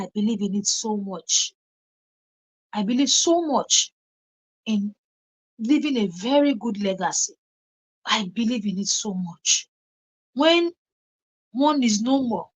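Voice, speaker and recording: Nigerian woman, young, high-pitched, casual vlog host with lively storytelling. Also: rough recording. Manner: animated, laughing storyteller with pidgin exclamations. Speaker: YouTube reaction channel host. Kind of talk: casual live-stream vlog talk.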